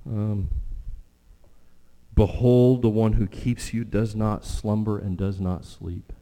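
A man preaching a sermon as pastor, earnest, with animated stretches and hushed prayerful moments. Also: lowish voice, takes it slowly. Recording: long hall reverb.

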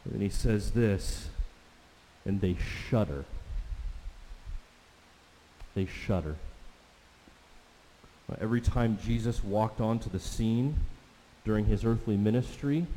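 A man preaching a sermon as a pastor, emphatic, slowing down to stress each scripture quote. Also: fairly low pitch, dark tone, in a large hall, rough recording.

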